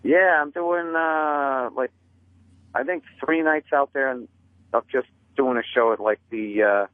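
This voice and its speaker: A man telling stories in a casual chat, deadpan and self-mocking, calling in as a comedian guest. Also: medium pitch, unhurried, dry recording. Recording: dry tinny phone line.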